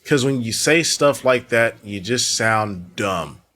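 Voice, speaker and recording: A man's voice: mid-range voice, expressive, takes it slowly, sharp tone. A man hosting a reaction commentary, speaking in a sarcastic, mocking way. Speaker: commentary host.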